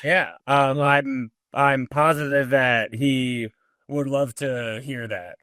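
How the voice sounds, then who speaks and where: A man hosting a podcast interview, speaking hesitantly with pauses and "uh". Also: medium pitch, steady tone, fairly bright tone, clean tone, no echo, clean studio sound. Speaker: podcast host.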